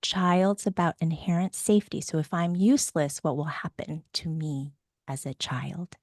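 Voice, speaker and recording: A woman coach guiding a session, asking gentle probing questions and talking people through their feelings. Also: deep voice, fairly even intonation, normal speed, no echo, clean studio sound.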